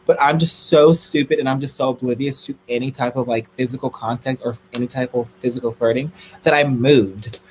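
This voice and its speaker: A young man telling a dramatic, gossipy story to a live audience in a casual streaming chat, his voice jumping to squealing highs when excited. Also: a little fast, a little hiss or hum.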